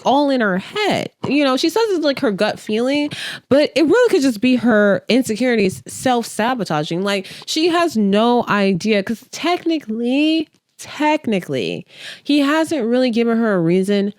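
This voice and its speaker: A woman's voice: medium pitch, dry recording, clean studio sound. A woman reviewing a TV show in casual chat, talking bluntly and chattily, full of fillers and the odd swear word.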